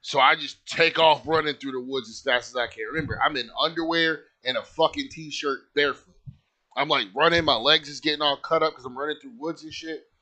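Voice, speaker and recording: A man's voice: fairly high pitch, a little fast, bright, forceful tone. A man casually telling a personal story, loose and profane, with lots of filler words.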